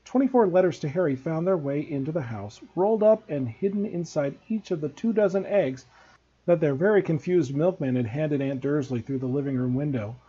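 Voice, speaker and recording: A man, a teacher, reading a novel aloud to students in a steady, expressive way. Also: fairly high pitch, slightly rough, highs cut off.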